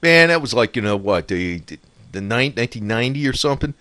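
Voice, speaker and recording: A man's voice: mid-range voice, very animated, fast, pushed and bright, dry recording. A man in a rambling, profane casual monologue, laughing often and talking with loose scorn. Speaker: political commentator.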